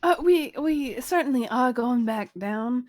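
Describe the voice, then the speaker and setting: A woman's voice: a little high, lively intonation, unhurried. A woman playing her character in a tabletop game, rambling and hesitant. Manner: rambling, hesitant, self-conscious. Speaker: player. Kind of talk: casual in-character role-play.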